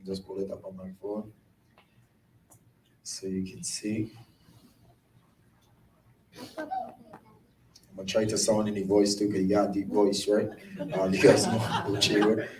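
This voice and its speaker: A man's voice: on the low side, huge pitch swings, measured pace, pauses often, slight background noise. Virgin Islands man speaking from afar. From Saint Croix, U.S. Virgin Islands. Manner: casual and heartfelt, laughing often, dialect grammar. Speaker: event emcee. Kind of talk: unscripted tribute speech. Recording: echoey room from far off.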